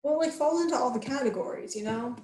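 A woman's voice: a little high, fast, crowd noise. A young woman co-hosting a podcast in casual chat, giggly and rambling, saying "like" a lot. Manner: giggly, rambling, heavy use of "like". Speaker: podcast co-host. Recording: roomy echo.

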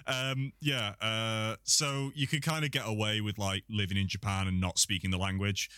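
A man's voice: on the low side, steady tone, moderate pace, sharp tone, smooth, no room sound, clean studio sound. A man in casual chat, an easygoing talker who uses plenty of fillers.

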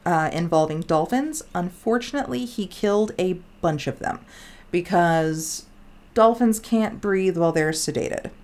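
A woman co-hosting a podcast in casual chat, talking in a rambling, chatty way and often saying "like". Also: on the low side. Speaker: podcast co-host.

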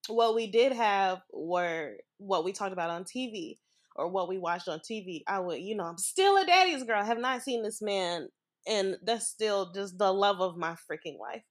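A woman's voice: mid-range voice, moderate pace. A young woman from the US Midwest, a podcast guest, telling a personal story in a frank, informal way and laughing through hard memories.

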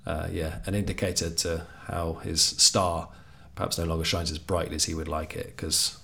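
A man's voice: deep voice, level tone, normal speed, creaky, pushed and bright. A man talking as a guest on a casual podcast, given to dry, wry asides. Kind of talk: casual chat.

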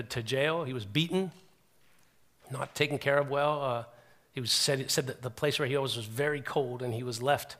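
A middle-aged man of medium pitch preaches a sermon in an earnest, spirited way, repeatedly starting over as he retells his stories.

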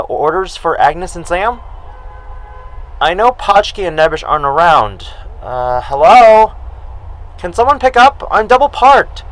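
A man's voice: high-pitched, poor audio. A man as a flustered, impatient delivery driver. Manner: hesitant, calling out impatiently.

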